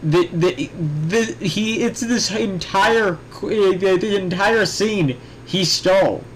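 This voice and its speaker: A young man co-hosting a casual podcast, reading fan fiction aloud haltingly and breaking off to comment. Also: high voice, a little hiss or hum, rough recording. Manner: stumbling, halting reading with many fillers and restarts. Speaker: podcast co-host.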